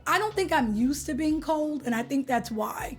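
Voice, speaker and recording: A young woman from California chats with her live stream viewers in a bright, high voice. She talks loosely and playfully, full of slang, and greets people by name. Soft music plays quietly in the background. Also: animated, normal speed. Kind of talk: casual chat with live viewers.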